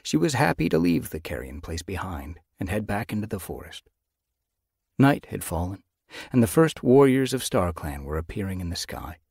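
A man narrating an audiobook in a measured storytelling manner. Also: deep voice, big pitch swings, gravelly, darkish tone, breathy edge, no room sound, studio quality. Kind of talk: scripted narration.

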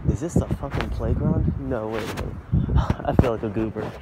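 A man's voice: mid-range voice, moderate pace, creaky, heavy background noise. A young man vlogging while walking outdoors at night, rambling in a goofy, profane way into a phone camera. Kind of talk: rambling casual monologue.

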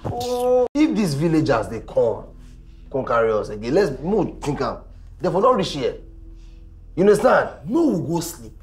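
An actor with a Nigerian Pidgin accent playing a young corps member who rambles excitedly in panic. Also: male voice, fairly high pitch, moderate pace, pauses often. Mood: nervous. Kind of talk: comic film acting. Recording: echoey room with film music.

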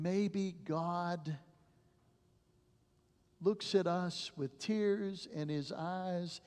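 A male pastor preaching a sermon, telling stories dramatically and dropping to a hush at the ends of phrases. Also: high-pitched, fairly even intonation, drawn-out words, long pauses, clean tone. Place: church sanctuary. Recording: long church reverb.

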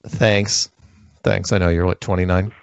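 Low gravelly joking male host. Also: fairly even intonation, measured pace, no room sound, highs cut off. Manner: joking, rambling, laughs often. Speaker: call-in show host. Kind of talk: casual call-in chat.

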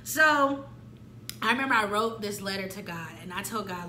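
A woman in her twenties telling a candid personal story in an animated, slangy way, acting out her own past lines. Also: medium pitch, moderate pace, echoey room, slight background noise. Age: 20s. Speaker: vlogger.

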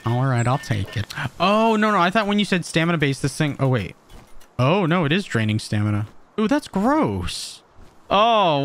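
A man streaming a game, reacting with excited, jokey commentary and frequent laughs. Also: mid-range voice, normal speed, slight background noise. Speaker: gaming streamer.

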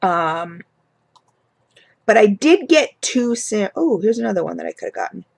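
A woman's voice: medium pitch, sing-song, moderate pace, vocal fry, darkish tone, husky. Chatty woman rambling through a haul. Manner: chatty, rambling, many fillers and restarts. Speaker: vlogger reviewing candle products. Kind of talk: casual haul review.

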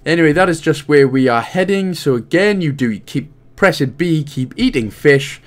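A man's voice: on the high side, lively intonation, normal speed. A man with a Welsh accent giving a casual, jokey walkthrough of a video game as host of a guide channel. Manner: chatty, jokey, rambling asides.

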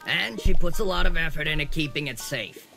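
A gravelly, pushy shark tax collector. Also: male voice, on the high side, expressive, a little fast, sharp tone, soft background music, exaggerated voice, poor audio. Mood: explaining. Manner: pushy, impatient bureaucrat. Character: gruff male loan shark tax collector.

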